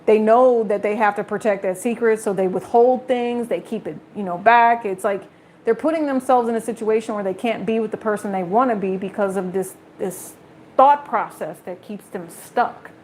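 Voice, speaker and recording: A woman's voice: medium pitch, moderate pace, a little mellow, a little hiss or hum. A woman giving a casual tarot reading straight to her viewers, blunt and chatty, swearing freely. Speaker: tarot reader.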